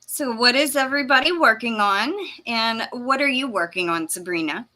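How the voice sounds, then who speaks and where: A woman hosting a casual live-stream chat, chatty and halting, with fillers and laughs. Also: fairly high pitch, sharp tone. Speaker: host.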